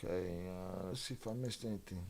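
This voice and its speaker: A low-pitched man with vocal fry and a slightly mellow tone hosts a livestream, talking fairly quickly. His casual chat with viewers is full of teasing and profane, easygoing banter.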